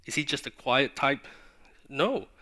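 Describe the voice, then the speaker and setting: A man preaching a sermon in an earnest, questioning way, pausing for emphasis. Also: mid-range voice, lively intonation, sharp tone.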